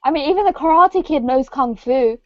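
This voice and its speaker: A woman's voice: high voice, animated, a little fast, dull audio, over a noisy crowd. A woman with a British accent, a guest in a casual movie debate, teasing and confident.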